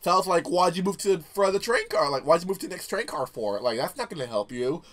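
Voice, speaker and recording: A man's voice: sits high, animated, quick pace, fairly bright tone. A man giving casual gameplay commentary, telling stories animatedly, swearing and laughing often. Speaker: gaming YouTuber.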